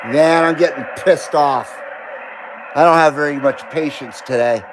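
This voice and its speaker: A man from Nevada, USA, runs a live CB radio stream from home, speaking bluntly in a fairly high-pitched, unhurried voice. He swears freely and laughs often, with radio static hissing behind him.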